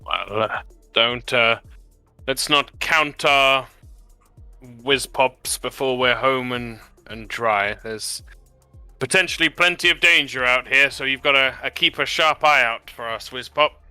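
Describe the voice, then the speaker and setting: A steady, responsible captain speaks in a measured, earnest way, as a man plays him. His voice is very bright and smooth, recorded dry and close. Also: medium pitch, dry recording, faint music behind.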